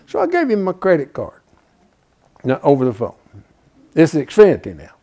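Gravelly older preacher man. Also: a little high, normal speed. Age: 70s. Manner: folksy, animated, builds to loud. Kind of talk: storytelling sermon.

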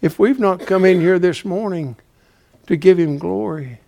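Gravelly, folksy preaching man. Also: sits high, a little slow. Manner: folksy, dramatic, swings from whisper to shout. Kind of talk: sermon.

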